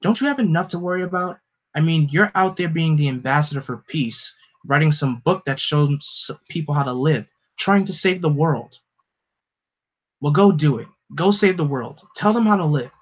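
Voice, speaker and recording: A defiant teenage hero girl, bitter and snapping, as a man puts her on. Her voice is pitched up and pushed a little louder. The recording is dull and lo-fi. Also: expressive, normal speed.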